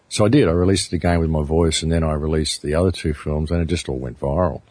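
Deep husky Australian man, hesitant. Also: rapid-fire, few pauses, a little mellow, dry recording. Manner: hesitant, repeats words, earnest. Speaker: interview guest, documentary maker. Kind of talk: reflective interview talk.

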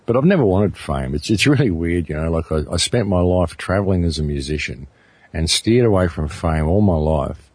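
A man in his fifties with an Australian accent, talking earnestly as an interview guest, often pausing and repeating words as he thinks. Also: low voice, animated, a little mellow, husky, dry recording. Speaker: interview guest, documentary maker. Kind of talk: reflective interview talk.

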